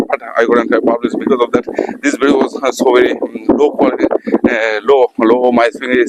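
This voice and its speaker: A man with an Indian English accent giving an unscripted motivational talk to camera, speaking haltingly with many fillers and repeated words. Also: mid-range voice, very noisy. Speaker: English-practice vlogger. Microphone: camera mic.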